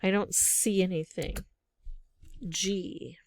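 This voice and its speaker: Lady slowly talking herself through a word puzzle, dry close sound. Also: fairly low pitch, steady tone, dry recording. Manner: musing aloud, thinking through guesses. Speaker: word game player. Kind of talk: casual solo gameplay commentary.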